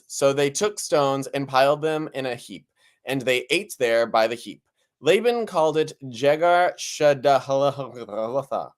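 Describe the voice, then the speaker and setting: A man with a slightly raised voice reads Bible verses aloud, then breaks into playful jokes. His comedic banter pulls his co-host into running bits. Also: on the high side. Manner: playful, reads scripture then riffs with laughter. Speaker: podcast co-host.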